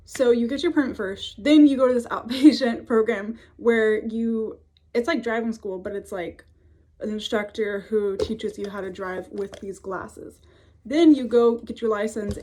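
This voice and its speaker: Speaking to camera from her home office, a twenty-five-year-old vlogger shares a personal story in a casual, chatty way. Her voice sits a little high with a darkish tone, and she uses many fillers and laughs often.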